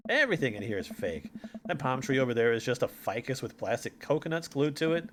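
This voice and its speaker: A man's voice: medium pitch, sing-song, fast, crowd noise, close to an everyday voice. A man voicing a boastful, competitive rival dad, read aloud in a mostly plain voice. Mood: smug.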